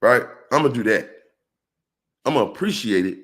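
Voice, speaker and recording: A man giving an animated monologue on relationships, calling out to his viewers like a preacher and asking rhetorical questions. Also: mid-range voice, moderate pace. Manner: preacher-like call-outs to the audience. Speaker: relationship commentator.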